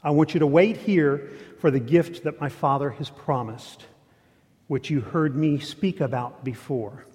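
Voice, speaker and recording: A preacher voicing a hushed, gentle Jesus. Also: male voice, a little high, measured pace, big-room sound, lightly acted. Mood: earnest. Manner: soft, hushed, intimate. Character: Jesus, calm gentle man speaking softly.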